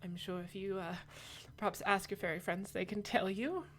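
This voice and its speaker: A woman voicing a brisk woman shopkeeper who sells birds, businesslike and dryly teasing. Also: mid-range voice, slight background noise, pitched above the performer's own voice, lightly acted.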